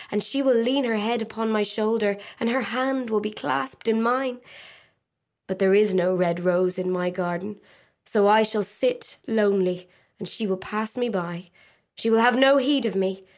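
A woman's voice: medium pitch, darkish tone, close to an everyday voice. A woman voicing a lovesick, despairing young male student, earnest and mournful, in a storybook reading with faint music.

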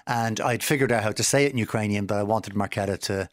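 A man guest on a radio arts show, talking in a halting way and searching for words, recorded in a studio. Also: lowish voice, no room sound. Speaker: musician guest. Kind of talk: casual radio interview.

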